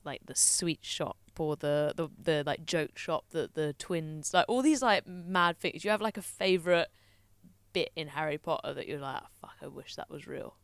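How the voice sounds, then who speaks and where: A woman hosting a podcast in a low voice, teasing her guest and circling her questions with "like" fillers. The sound is close and dry, with no room around it. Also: expressive, moderate pace, clear, resonant tone, no room sound. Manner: loose, filler-heavy, teasing. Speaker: podcast host. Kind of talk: casual chat.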